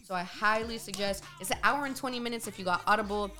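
Bright, quick-talking woman. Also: medium pitch, faint music behind. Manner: rambling, peppered with "you know" and "like". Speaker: podcast co-host and rapper. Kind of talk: casual chat.

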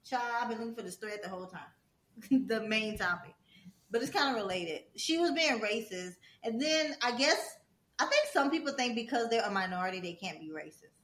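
A young woman, co-hosting a podcast and telling stories in lively casual chat, acting out the people she quotes. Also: a little high, a little fast, roomy sound. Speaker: podcast co-host.

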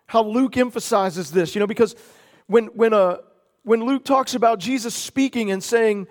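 A man preaching a sermon as pastor, earnest, stretching key words slowly for emphasis. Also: high voice. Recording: long hall reverb.

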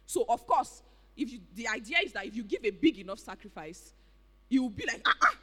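Nigerian-accented preacher, bright and animated, exclamatory delivery, long hall reverb. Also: mid-range voice, fairly quick. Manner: animated, exclamatory, with pidgin interjections. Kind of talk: sermon.

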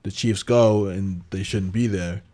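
A man's voice: sits low, steady tone, measured pace, dark tone. A man co-hosting a casual sports podcast, laid-back and analytical, thinking his points through aloud.

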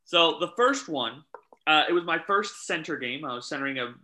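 Casting: man, referee storyteller, very bright voice, a little high, animated, quotes people. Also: moderate pace, a little hiss or hum, low-quality recording. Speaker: youth soccer referee. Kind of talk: casual chat, storytelling.

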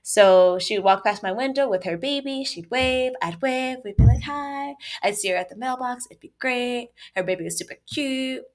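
A young woman telling a story in a casual, chatty way, with quick asides and laughs between lines. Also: on the high side.

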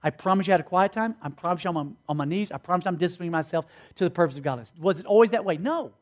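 Male preacher, high voice, animated storyteller who acts out the dialogue. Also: very fast. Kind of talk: sermon storytelling.

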